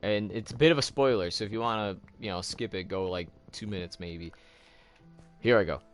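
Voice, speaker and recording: A man's voice: lowish voice, fairly quick, soft background music. A man hosting a let's play, chatting casually and rambling loosely as he tells a long story. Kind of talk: casual chat while gaming.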